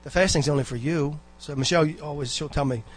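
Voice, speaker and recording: A man from the church talks casually to the congregation in a loose, folksy exhortation, drifting into asides and anecdotes. His voice sits on the high side and moves at a quick pace.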